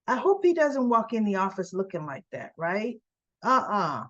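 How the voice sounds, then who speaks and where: Woman, chatty soap recap host, conversational, middle pitch, slightly dull lo-fi sound. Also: big pitch swings, normal speed, a bit bright. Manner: chatty, retells scenes and acts out the characters' lines. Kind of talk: casual spoken episode recap.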